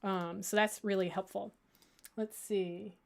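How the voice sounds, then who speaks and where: A woman librarian giving a casual software tutorial, thinking aloud, with lots of fillers and restarts and a playful, self-mocking humor. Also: medium pitch, fairly even intonation, a little slow, creaky. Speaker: librarian teaching audio editing.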